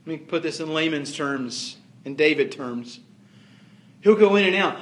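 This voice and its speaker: A man's voice: on the high side, animated, moderate pace, echoey room. A man pastor preaching a sermon with emphatic, repetitive phrasing that rises and falls in force.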